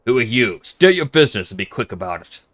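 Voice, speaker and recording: A man doing a gruff, hostile village leader. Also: mid-range voice, big pitch swings, quick pace, fairly bright tone, no echo. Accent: Australian. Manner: curt, hostile, commanding. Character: gruff, unwelcoming male settlement leader.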